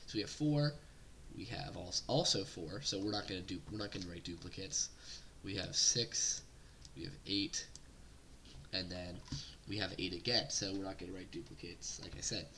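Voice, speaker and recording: A man's voice: low voice, moderate pace, slight background noise. A sick-sounding man tutoring algebra. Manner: relaxed, explains step by step with fillers. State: sick, stuffy voice. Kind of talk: casual math lesson.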